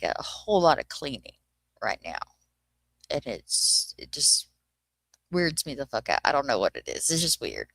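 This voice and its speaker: A woman with a low-sitting voice and no echo chats casually with viewers on her livestream. As host, she rants and swears freely, now and then dropping to a whisper.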